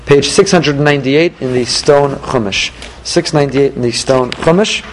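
A man, a rabbi, giving an emphatic Torah class with rhetorical questions and animated delivery. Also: mid-range voice, normal speed, noisy background.

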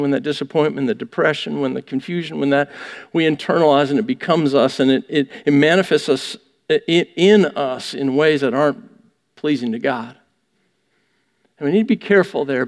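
A man's voice: fairly high pitch, in a large hall. A man preaching a sermon in a church, pressing his points with rhetorical questions. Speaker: pastor. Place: church sanctuary.

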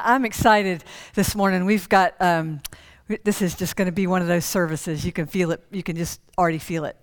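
A woman pastor preaching a sermon in church, telling a story with many restarts and rising excitement. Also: mid-range voice. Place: church sanctuary.

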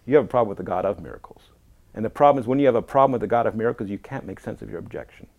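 A man's voice: fairly low pitch, very fast, a little mellow. A man, a guest apologist, talking emphatically in a casual conversation and quoting others in voices. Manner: emphatic, quotes people in acted voices.

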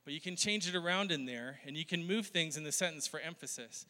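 A man's voice: a little high, quick pace, bright, forceful tone. A male pastor preaching a conversational sermon, often laughing and asking the crowd questions. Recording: long hall reverb.

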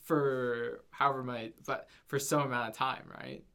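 A man's voice: mid-range voice, fairly even intonation, normal speed, pushed and bright, clear, resonant tone. A young man co-hosting a casual podcast, talking in a hesitant way with many fillers and restarts and ending points with "right?". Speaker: podcast co-host. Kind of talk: casual conversation.

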